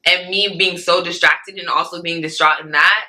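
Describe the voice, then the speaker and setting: A young woman with a very bright, sharp voice tells a story as an interview guest. She is animated, acts out what other people said, and keeps checking in with "right?" and "like". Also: fairly low pitch, moderate pace, poor audio. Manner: animated, acts out quoted speech, many "like" and "right?" fillers. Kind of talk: casual storytelling.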